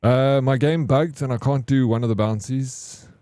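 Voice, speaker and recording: A man's voice: medium pitch, moderate pace, mellow, dry recording, clean studio sound. A man streaming a game and chatting casually with his viewers, teasing them back in playful banter. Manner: playful teasing banter, reads chat aloud.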